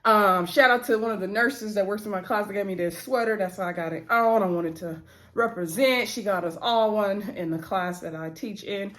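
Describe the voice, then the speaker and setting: A woman with a mid-range, slightly bright voice speaks at normal speed while reviewing a TV episode. She chats casually, calls her viewers y'all, and acts out the characters' lines as she retells them, sounding a bit runny-nosed.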